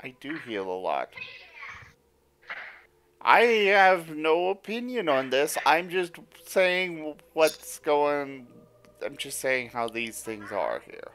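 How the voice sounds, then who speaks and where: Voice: medium pitch, very animated, slow, a bit bright, a little hiss or hum. Hesitant player at a game table. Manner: hesitant, hedging, talks to stream chat. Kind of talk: casual game table chat.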